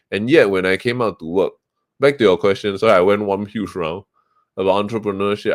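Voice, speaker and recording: A man's voice: on the low side, dry recording, clean studio sound. A man with a Singaporean English accent, a guest on a podcast, talking casually and rambling with many fillers and restarts. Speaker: podcast guest, webcomic co-founder. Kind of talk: casual interview talk.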